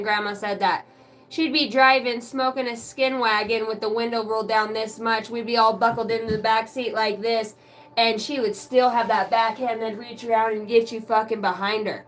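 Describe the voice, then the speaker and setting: A woman's voice: fairly high pitch, far from the mic, slight background noise, rough recording. A woman hosting a card-reading livestream, venting in a rambling, profane way and chatting with viewers by name. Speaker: oracle card reader and livestream host. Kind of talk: casual livestream rant.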